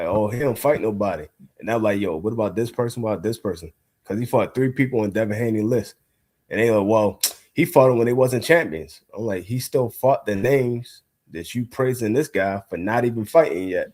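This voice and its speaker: A man's voice: fairly low pitch, a little mellow. A man co-hosting a boxing livestream, giving blunt, profane opinions in casual chat. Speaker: co-host.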